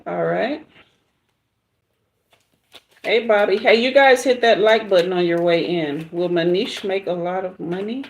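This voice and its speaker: A woman with a Southern US accent hosting a casual livestream, chatting with viewers and giving a tarot reading in a relaxed, chatty way. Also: mid-range voice, slight background noise. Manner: relaxed, chatty, drawn-out pauses. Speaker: tarot reader livestream host.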